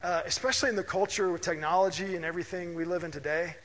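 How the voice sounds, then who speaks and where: Pastor, middle-aged man, high voice, conversational sermon in a reverberant church hall. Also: fairly even intonation, fast talker, fairly bright tone. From Mississippi. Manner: conversational, anecdotal, asks listeners "right?".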